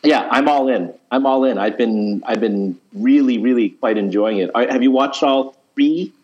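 A man's voice: medium pitch, moderate pace, muffled recording. Easygoing man chatting in a studio. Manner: easygoing, laughs often, hesitant fillers. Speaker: podcast host. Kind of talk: casual chat. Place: studio lounge.

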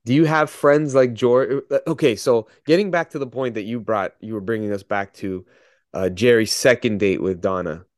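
A man's voice: mid-range voice, normal speed, a little mellow, no room sound, clean studio sound. A man co-hosting a podcast in casual chat, easygoing, asking probing questions and laughing often. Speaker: podcast co-host.

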